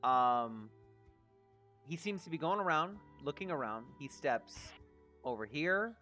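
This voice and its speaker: A man's voice: on the high side, expressive, unhurried, sharp tone, soft background music. A man narrating a tabletop game as game master, hesitant with frequent ums.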